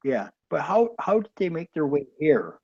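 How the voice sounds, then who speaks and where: Brief: man, slightly high voice, dull lo-fi call sound, keeps asking questions, stop-start delivery. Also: very animated, darkish tone, breathy edge. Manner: questioning, halting, repeats himself. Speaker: podcast co-host. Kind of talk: casual group chat.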